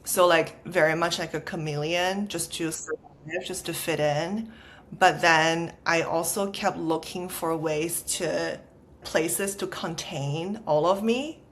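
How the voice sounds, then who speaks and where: Low-voiced woman with a Valley girl accent. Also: steady tone, slow, a little hiss or hum. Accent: Los Angeles Valley girl. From China. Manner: chatty, peppered with "like" fillers. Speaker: podcast guest, startup founder. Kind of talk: casual conversational interview.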